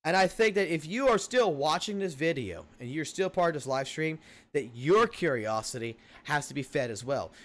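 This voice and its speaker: A man's voice: on the high side, animated, normal speed, fairly bright tone. A man hosting a livestream, ranting heatedly and cursing often, repeating points for emphasis as he talks to viewers on a home mic. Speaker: livestream host. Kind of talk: livestream commentary rant.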